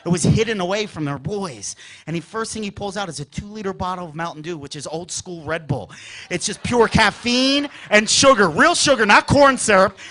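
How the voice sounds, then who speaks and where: A man performing a stand-up comedy routine, telling a childhood story and acting out characters with sudden shouts. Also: high voice, slight background noise.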